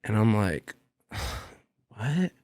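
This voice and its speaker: A young man, a podcast guest, telling a long personal story in casual chat, animated and swearing freely as he acts out what he said. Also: lowish voice, moderate pace, clear, resonant tone, no echo, clean studio sound.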